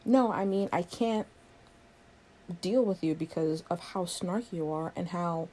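A woman's voice: lowish voice, a little slow, warm tone, slight background noise. A young woman in a one-sided role-play, playing a sarcastic, exasperated coworker who swears a lot. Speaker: coworker doing a project with the listener.

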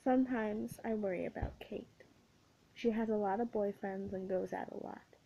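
A woman reading a comic story in first person, with wry, breathy asides. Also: mid-range voice, steady tone, moderate pace, dark tone, rough recording. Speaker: audiobook reader.

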